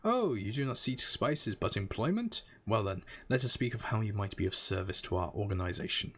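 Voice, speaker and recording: A man's voice: on the low side, expressive, brisk, a bit bright, breathy edge. A man voicing a sly, courteous male elf spice merchant, reading game dialogue aloud.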